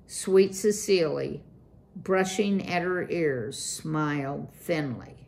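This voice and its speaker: A woman reading a children's chapter book aloud, calm and unhurried. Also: low voice.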